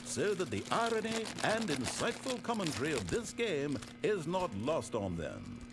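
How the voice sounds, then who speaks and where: An actor playing a dry, all-knowing game narrator, speaking in a measured, wry and formal way. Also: male voice, on the high side, huge pitch swings. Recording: game audio with music behind. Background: game music.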